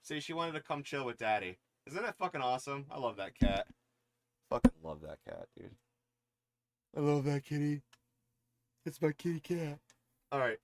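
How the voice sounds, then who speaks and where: A man's voice: expressive, moderate pace, a little hiss or hum. A man vlogging casually to his viewers while setting up gear, swearing freely and chatting as he works. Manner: baby-talks in a high voice to his cat. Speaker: streamer setting up gear on camera. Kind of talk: casual vlog talking to viewers.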